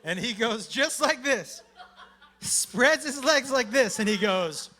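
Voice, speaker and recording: A man performing a stand-up comedy set, telling a story in a brash, loud way with shouted bursts, on a handheld mic at a comedy club. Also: very high-pitched, animated, takes it slowly.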